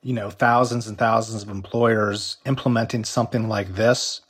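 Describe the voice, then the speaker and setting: A man's voice: lowish voice, steady tone, moderate pace, slightly rough. A man interviewed as a company executive, explaining at length with frequent restarts while losing his voice. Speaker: company executive interviewed about a workplace app. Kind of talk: remote news interview.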